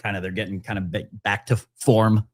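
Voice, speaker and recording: Excitable man rambling on a podcast. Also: fairly low pitch, a little fast, dry recording, studio quality. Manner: excited, rambling, many restarts. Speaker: guest. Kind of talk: casual podcast chat.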